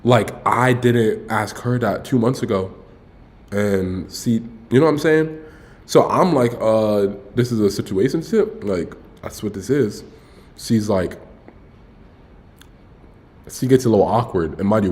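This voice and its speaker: A man's voice: lowish voice, a little slow, long pauses, a little mellow. A young man on a casual livestream, telling a dating story in a loose, rambling way and saying "bro" constantly. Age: young adult. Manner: rambling, self-interrupting. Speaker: streamer.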